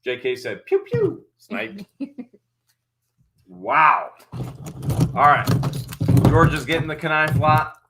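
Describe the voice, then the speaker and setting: A man hosting a live-stream auction, calling out bids quickly and then chatting and explaining the items. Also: on the high side, expressive, very noisy. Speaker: host.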